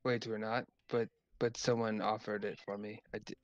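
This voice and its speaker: A man's voice: on the low side, flat delivery, normal speed, dry recording. A man speaking in character in a tabletop game, nervous and apologetic, with frequent laughs. The recording is dull and dry, like a home mic with little room sound. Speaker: player. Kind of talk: in-character tabletop role-play.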